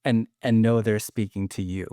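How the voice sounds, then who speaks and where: A man's voice: fairly low pitch, steady tone, moderate pace, warm tone, no echo, studio quality. A man giving an emotional testimony in casual conversation, rambling with many restarts and choking up at times. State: choked up with emotion.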